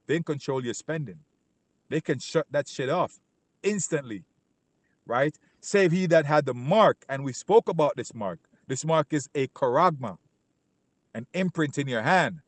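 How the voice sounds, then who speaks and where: A man's voice: on the high side, no echo. Emphatic man teaching scripture. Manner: emphatic, keeps asking "right?" and repeats himself; reads scripture slowly and loudly. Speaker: Bible teacher. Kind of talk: informal Bible teaching. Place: Canada.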